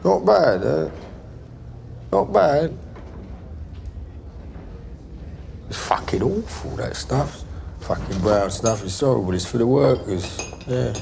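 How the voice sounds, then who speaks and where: An actor playing a volatile, menacing gangster baker in a crime drama, mocking one moment and threatening the next. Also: male voice, medium pitch, unhurried, vocal fry. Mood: mocking jovial. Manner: mocking, swings between jovial and menacing. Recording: steady background noise.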